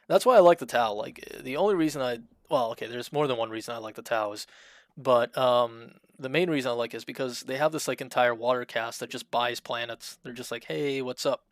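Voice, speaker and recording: Monotone man streaming a game, dry sound. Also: mid-range voice, dry recording. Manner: self-described monotone, dry delivery; chatty, reads game options aloud. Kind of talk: casual live game-stream commentary.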